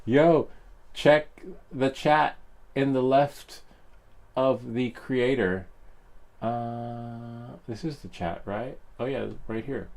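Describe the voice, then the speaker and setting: A man's voice: medium pitch, slow, a little mellow. A man chatting casually with his live-stream viewers, rambling and teasing with many fillers and chuckles. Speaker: live streamer and 3D printing hobbyist.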